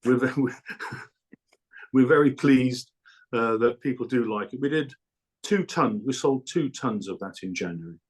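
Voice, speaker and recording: A male guest, a food producer, talking with enthusiasm in casual chat and clearing his throat often. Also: medium pitch, unhurried.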